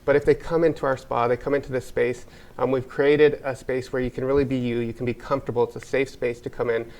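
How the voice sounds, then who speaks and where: A man's voice: mid-range voice, level tone, fast, darkish tone. An American man, a wellness spa owner, talking earnestly in a casual interview, rambling with many fillers and restarts.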